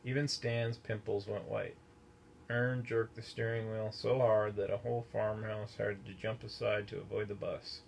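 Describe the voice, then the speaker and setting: A man narrating a storybook in a steady, measured reading voice. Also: lowish voice, creaky, a little hiss or hum. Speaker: audiobook narrator.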